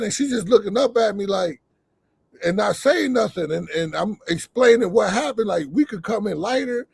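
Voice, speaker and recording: A man telling a boxing story on a call-in show in a casual, animated way, acting out the quotes and swearing freely. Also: high voice, moderate pace, gravelly, breathy edge, no echo.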